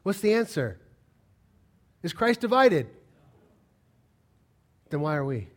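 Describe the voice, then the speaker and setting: A pastor preaches a sermon in a high voice, very animated yet taking it slowly. He fires off rhetorical questions and swings between loud, emphatic lines and quiet asides.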